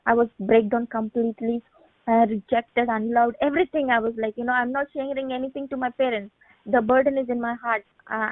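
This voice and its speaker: A woman around thirty giving a halting personal faith testimony on a phone call, with many restarts and repeated words. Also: on the high side, no echo. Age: late 20s to 30. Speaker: testimony speaker on a prayer line. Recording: tinny phone line, dry.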